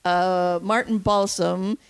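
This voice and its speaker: A woman hosting a casual film discussion, telling stories in an excited, rambling way with many restarts. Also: on the low side, slow pace, clear, resonant tone, no room sound. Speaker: podcast host.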